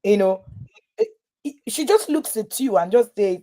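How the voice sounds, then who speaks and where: With long pauses at an otherwise normal speed, a woman from Nigeria coaches parents over a live webinar. Her medium-pitched voice brings stories to life as she performs the quoted voices.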